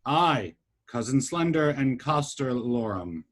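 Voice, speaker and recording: A man reading a slow, blustering old justice. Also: medium pitch, sing-song. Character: testy old country justice. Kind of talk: casual amateur play reading.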